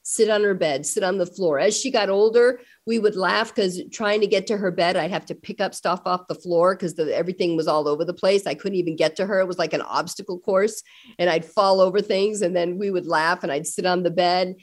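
A middle-aged woman, a parent guest in an interview, telling family stories with lively acted-out dialogue. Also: on the low side, a little fast. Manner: animated storyteller acting out family dialogue. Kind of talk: conversational interview storytelling.

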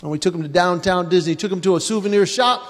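A man's voice: high voice, fast, long reverb tail. A man doing stand-up comedy before a live audience, animatedly telling family stories.

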